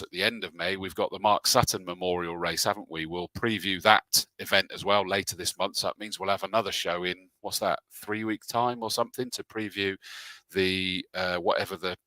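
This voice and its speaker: Chummy commentator, bright and close. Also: male voice, fairly low pitch, steady tone, normal speed, no room sound, rough recording. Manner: friendly, chummy, calls everyone mate, laughs often. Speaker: commentator hosting a live show. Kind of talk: casual live chat reading out viewer comments.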